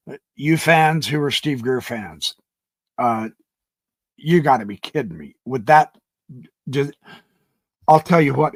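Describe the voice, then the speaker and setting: A man's voice: a little high, dry recording. A man hosting his own reaction channel, talking emphatically and indignantly, often stumbling over the first words of a sentence. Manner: emphatic, stammering restarts, indignant.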